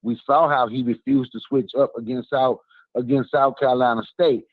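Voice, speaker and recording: A man's voice: mid-range voice, fairly even intonation, normal speed, no room sound. Fired-up male caller on a tinny phone line. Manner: emphatic, repetitive, rallying fan talk. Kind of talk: animated call-in argument.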